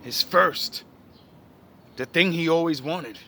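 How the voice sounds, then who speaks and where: A man's voice: a little high, takes it slowly, sharp tone, a little hiss or hum. A man casually retelling an old story in his own words, blunt and full of profanity and slang.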